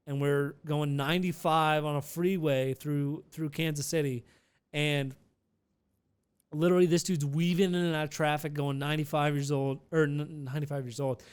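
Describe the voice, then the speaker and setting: A man's voice: on the high side, smooth. A man telling a casual, rambling vlog story with many restarts and some profanity.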